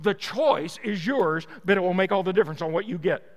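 A preacher voicing a firm, commanding professional hunter. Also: male voice, high-pitched, animated, a little fast, long reverb tail. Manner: firm, instructing. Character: seasoned male professional hunter, calm and commanding.

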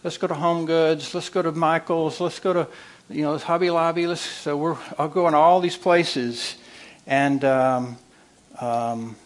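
A man's voice: fairly high pitch, fairly even intonation, measured pace. A man, a marriage counselor giving a humorous talk with folksy storytelling and repeated phrases.

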